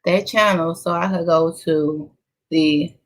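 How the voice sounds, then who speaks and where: A woman's voice: fairly low pitch, fairly even intonation, slow pace. A woman in her thirties chatting casually to viewers during a makeup tutorial, encouraging and talkative. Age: 30s. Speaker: beauty vlogger.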